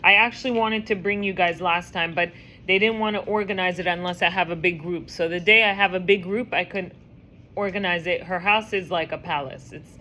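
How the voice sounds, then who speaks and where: A woman teaching a class, telling a story in a lively, chatty way and acting out the voices. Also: lowish voice, fairly quick, a little hiss or hum. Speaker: teacher leading a women's class. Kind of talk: casual storytelling lesson.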